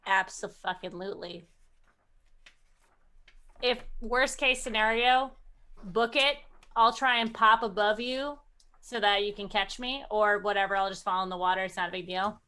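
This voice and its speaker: A woman's voice: medium pitch, fairly even intonation, normal speed, long pauses, sharp tone, smooth. A woman playing a tabletop role-playing game, chatting playfully with laughs and swearing. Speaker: player. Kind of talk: tabletop role-play chat.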